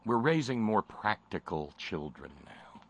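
A man's voice: on the low side, very animated, a little slow, a bit bright, highs cut off. A man hosting a talk show, delivering sarcastic, impassioned commentary with frequent stammered restarts.

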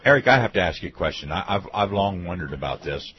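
A man with a very low voice hosts a radio talk show, speaking in a folksy, unhurried way. The audio is dull and lo-fi, like an old broadcast. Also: lively intonation, a crowd in the background. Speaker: radio host. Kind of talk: casual radio interview talk.

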